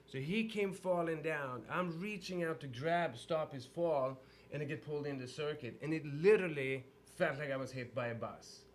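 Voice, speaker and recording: A man from Sweden with a Swedish accent, a guest telling stories in a casual interview in an animated way. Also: a little high, moderate pace, few pauses. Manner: animated storyteller with restarts.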